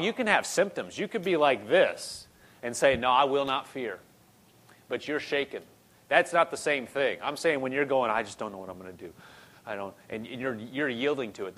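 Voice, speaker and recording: A man's voice: medium pitch, sharp tone. A man preaching a conversational sermon, repeating phrases and rising into emphatic bursts.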